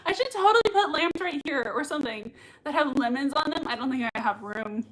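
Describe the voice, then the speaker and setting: A young woman with a high voice chatting excitedly to viewers on a livestream. She gushes and rambles, filling her talk with "like" and "oh my God". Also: a little fast, low-quality recording. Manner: gushing, excitable, heavy use of "like" and "oh my God". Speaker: livestream host reacting to a TV show. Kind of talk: casual livestream chat reading viewer comments.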